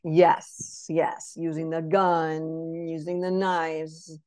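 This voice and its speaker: A woman with a lowish voice gives a spiritual reading and tells it as a lively story. She keeps acting out little quoted voices and keeps asking whether her listener follows. The sound is close and dry, with no room around it. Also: very slow, clear, resonant tone, no room sound. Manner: animated storyteller who acts out quotes; checks in with the listener often. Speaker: spirit messenger, podcast guest.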